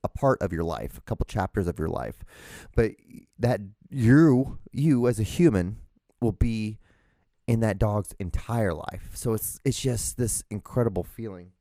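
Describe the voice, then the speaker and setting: A man's voice: lowish voice, dark tone, no room sound, clean studio sound. A man hosting a podcast from home, rambling casually with profanity and many restarts, and gushing about his dog. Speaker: podcast host.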